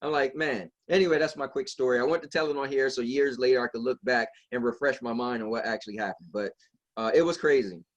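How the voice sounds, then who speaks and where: A man's voice: medium pitch, fast talker, dull audio. A man co-hosting a podcast, telling a long story in casual chat and acting out the people he quotes. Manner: animated, acts out quoted voices. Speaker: podcast co-host.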